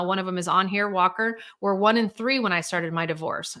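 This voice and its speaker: Woman host, bright tense voice, blunt and candid about hard family topics, live to viewers. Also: mid-range voice. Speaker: divorce coach hosting a live show.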